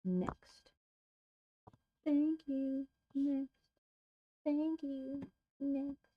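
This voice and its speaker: A woman's voice: high-pitched, level tone, very slow, narrow, tinny audio. A woman making real estate cold calls on a livestream, chatting casually and bluntly to herself in slangy language.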